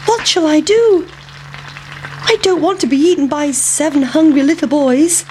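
A small, boastful pancake taunts its chasers in a high, squeaky voice, as a woman puts it on for a storybook. It sounds a touch distant and louder than the narration around it. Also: moderate pace, a little hiss or hum, lightly acted. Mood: worried.

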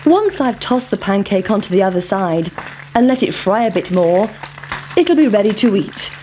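A woman's voice: medium pitch, very animated, moderate pace, noisy background, close to an everyday voice. A woman voicing a farmer's wife in a children's story, plain and motherly. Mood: matter-of-fact. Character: busy farm mother cooking for her sons.

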